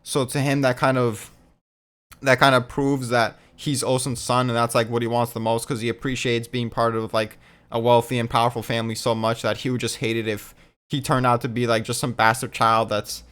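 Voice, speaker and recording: A man with a smooth, resonant voice, chatting casually in a fan discussion. He talks in quick animated bursts, full of fillers and casual swearing, sitting at a middle pitch.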